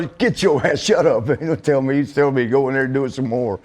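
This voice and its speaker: A middle-aged man telling a casual story, laughing often and swearing, acting out quotes in a higher voice. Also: normal speed, hardly any pauses, a little mellow. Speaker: interview guest.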